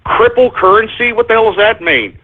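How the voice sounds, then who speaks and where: A male radio host rambles through anecdotes and shout-outs with a profane, restless delivery. His voice sits high and husky, squeezed through thin phone-like audio. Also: lively intonation, fairly quick. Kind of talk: rambling anecdote and show segments.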